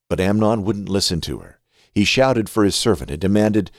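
A man hosting a podcast and reading scripture aloud in an expressive, scripted way. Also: low voice, normal speed, no room sound, studio quality. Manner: expressive reading with a lively rise and fall.

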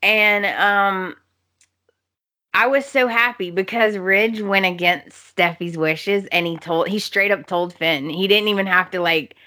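A woman's voice: medium pitch, a little slow, sharp tone. A woman co-hosting a podcast, animatedly recapping soap opera scenes, laughing often and acting out characters' lines. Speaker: podcast co-host.

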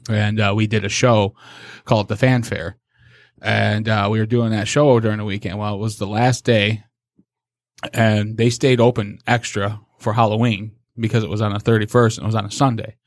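A man, a podcast guest, telling a story in a casual chat and acting out the quoted voices with a slow, menacing delivery. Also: lowish voice, flat delivery, no room sound, studio quality.

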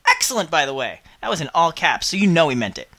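A man's voice: fairly high pitch, very animated, quick pace, sharp tone. A man hosting a podcast, chatting in an upbeat way and reading out listener mail with chatty asides. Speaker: podcast host.

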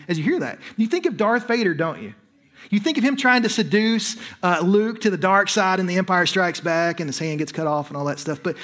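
A man's voice: sits high, fairly bright tone. A man preaching a sermon, explaining scripture in a conversational way and often checking in with the congregation. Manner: conversational preaching with frequent "right?" asides. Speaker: pastor.

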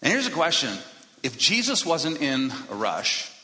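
A man preaching a sermon to his congregation in a casual, conversational way, with quick self-deprecating asides, speaking into a microphone. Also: fairly high pitch, wildly swooping pitch, bright, forceful tone. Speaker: pastor. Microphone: handheld or stage microphone. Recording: echoey hall reverb.

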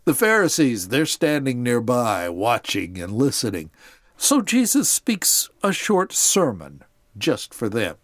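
A man's voice: medium pitch, huge pitch swings, a little slow, dry recording, studio quality. A man hosting a podcast, narrating a Bible story and explaining it to his listeners. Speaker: podcast host.

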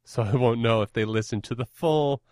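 A man's voice: mid-range voice, moderate pace, darkish tone, no room sound, clean studio sound. A young man hosting a podcast in casual, self-deprecating chat, rambling and often laughing. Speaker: podcast host.

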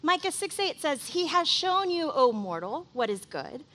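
A woman delivers a sermon in a high, bright voice. She talks conversationally and with animation, often saying "like," as if chatting with her congregation. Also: normal speed. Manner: conversational and animated, heavy use of "like". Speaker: pastor.

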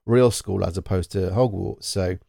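A man chatting casually as a podcast co-host, animated and joking, with frequent restarts. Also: low voice, moderate pace, vocal fry, no room sound, clean studio sound. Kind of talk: casual chat.

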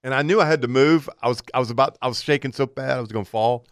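A man's voice: medium pitch, fast, clean tone, no echo. A man co-hosting an outdoor radio show, telling a hunting story and acting out his own thoughts in a studio.

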